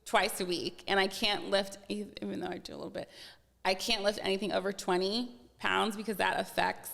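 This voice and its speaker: A woman guest on a podcast speaks briskly with a medium-pitched, creaky voice in a large hall. Her casual, candid chat is animated, with many "like" fillers and acted-out dialogue others said to her.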